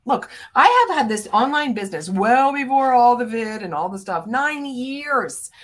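A woman's voice: fairly high pitch, lively intonation, a little slow. Fervent woman coach hyping her listeners. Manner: emphatic, fervent, punchy declarations with big swings in loudness; addresses listeners directly as friends. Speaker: business coach and podcast host. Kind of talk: motivational solo podcast talk.

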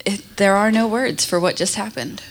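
Female podcast co-host, middle pitch, emotional, stammers. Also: moderate pace, slight background noise. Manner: emotional, stammers and laughs softly. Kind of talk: casual chat.

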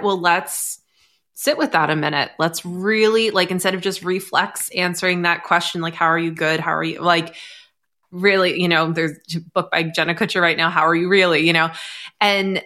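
A young adult woman hosts a podcast in a casual, candid conversation. She talks in a slightly low voice and tells stories in an animated way, acting out the quotes. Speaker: podcast host.

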